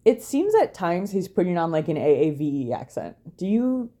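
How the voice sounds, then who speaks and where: A woman's voice: fairly low pitch, very animated, moderate pace, mellow. A young woman co-hosting a podcast, recapping a reality show in a wry, chatty way and laughing often. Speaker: podcast co-host.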